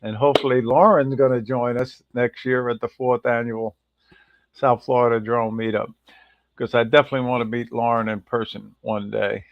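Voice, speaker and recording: A man's voice: mid-range voice, level tone, moderate pace, no echo, muffled recording. A man hosting a casual livestream and greeting viewers by name. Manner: reads out viewer names and greets them one by one. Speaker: livestream host.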